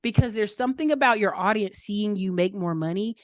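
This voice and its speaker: A woman's voice: medium pitch, brisk, dry recording, studio quality. A woman giving candid, chatty money and property advice, acting out the voices of people she quotes. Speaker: guest speaker answering questions. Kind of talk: casual advice talk.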